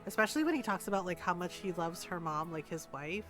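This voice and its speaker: A woman's voice: on the low side, expressive, fast, over music. A woman streaming a farming game, chatting casually and sarcastically, full of "like" and "right?".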